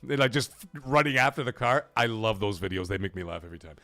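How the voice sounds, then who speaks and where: A man's voice: fairly low pitch, lively intonation, fast talker, bright, forceful tone, no room sound, studio quality. A man hosting a livestream in casual chat, swearing freely and laughing as he reads chat messages aloud. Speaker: livestream host.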